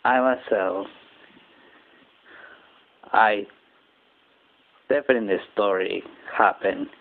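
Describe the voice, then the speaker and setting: A man from Japan, rambling through a personal story in halting English with many restarts. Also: lowish voice, gravelly. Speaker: channel host. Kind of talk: casual personal monologue. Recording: tinny phone-quality audio with faint noise.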